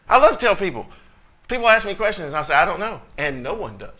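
Male preacher, bright forceful tone, slightly high pitch; blunt, emphatic sermon delivery. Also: a little fast. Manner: animated, emphatic, blunt, rhetorical questions. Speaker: pastor.

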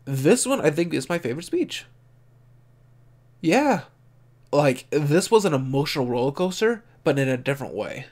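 A man with a somewhat high-pitched voice talks through his reaction as an anime reviewer. He is candid and excitable, swears freely, restarts his sentences, and sounds openly moved. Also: normal speed, pauses often. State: emotionally moved. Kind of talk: casual reaction commentary.

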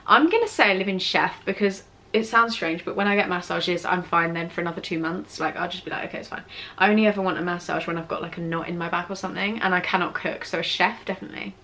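Filmed on a tripod camera with a ring light, a young English woman with a British accent rambles through viewer questions in a casual Q&A vlog, teasing herself as she goes. Her lowish voice is fast, pushed and bright, with few pauses.

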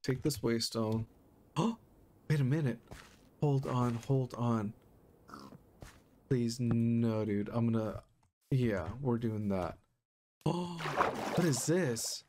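Taking it slowly and pausing often, a young male gaming YouTuber comments on his Minecraft let's play in a mid-range voice. The background is noisy with game music, and he's easily startled into gasps and exclamations.

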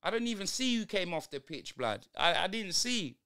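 A man's voice: sits high, sing-song, normal speed, bright, forceful tone. A young man, ranting in slang through a live football watch-along stream. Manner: exasperated, slangy ranting at the match.

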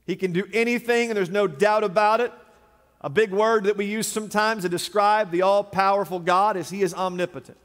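High-voiced pastor preaching. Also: male voice, steady tone, a little fast. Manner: dramatic, swinging from loud declarations to hushed low lines. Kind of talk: sermon. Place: large church sanctuary. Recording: long reverb of a large sanctuary.

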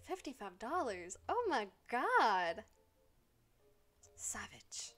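A woman streaming a life-sim game, excitably scolding the characters and swearing freely in casual commentary. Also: on the high side, normal speed, faint music behind. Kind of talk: casual live gameplay commentary.

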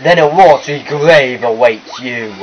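A man's voice: medium pitch, a little slow, a little hiss or hum, lightly acted. Man hamming up a pompous fish lord. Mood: haughty. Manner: haughty, theatrical reading of boss lines. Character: pompous male angler fish boss. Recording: lo-fi capture with faint game music.

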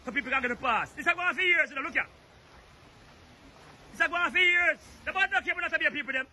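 A man's voice: extremely high pitch, bright, forceful tone, slight background noise. A Jamaican man complaining outdoors by a flooded road, agitated and repeating himself as he films on his phone. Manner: agitated, repetitive, pointing things out. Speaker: resident filming a local problem. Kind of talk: angry street complaint video.

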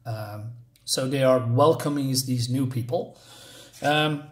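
A man's voice: medium pitch, slow. A man casually walking through a comic book's story, hesitant and full of fillers and self-corrections, chatty and laughing at himself. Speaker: comic book reviewer. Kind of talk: casual comic book walkthrough.

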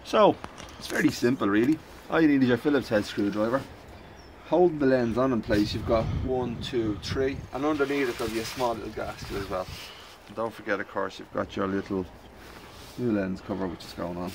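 A man's voice: on the low side, a little fast, creaky, noisy background. A man with a Dublin accent chatting casually and rambling through an outdoor car repair how-to. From North County Dublin, Ireland. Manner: chatty, rambling, self-deprecating, prone to sidetracks. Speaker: classic car hobbyist. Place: outdoors by a house in the cold.

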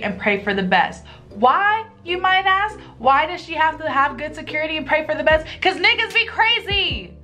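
Bright-voiced animated woman vlogger. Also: high voice. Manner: animated, profane, jokey, reads comments aloud. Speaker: vlogger reading advice replies. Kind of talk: casual reaction vlog.

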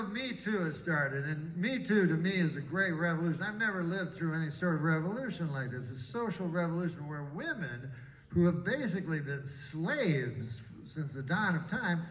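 A man in his fifties or sixties doing a live stand-up set in a casino, deadpan and halting, rambling with restarts. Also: on the high side, slight background noise. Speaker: stand-up comedian. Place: casino stage before a live audience. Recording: echoey room, distant, dull audience recording.

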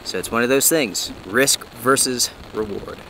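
A man's voice: medium pitch, a little slow, vocal fry, poor audio. A man from North Carolina talks casually to viewers while camping in the woods, out of breath at times. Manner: easygoing, chatty, addresses viewers directly. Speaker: outdoor vlogger. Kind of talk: casual vlog narration to camera. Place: outdoors under a tarp in a rainy forest. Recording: outdoor camera mic with steady rain noise. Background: rain falling on a tarp.

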